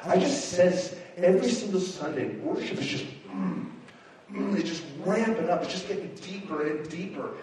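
Animated pastor preaching in an echoey hall. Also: male voice, high-pitched, moderate pace, far from the mic, background noise. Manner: animated, personal storytelling with emphatic rises. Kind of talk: sermon. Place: church sanctuary.

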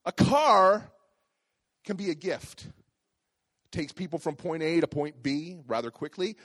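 A middle-aged man telling a lively personal story as a pastor in a sermon. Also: a little high, slow pace. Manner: lively, animated storytelling with acted voices.

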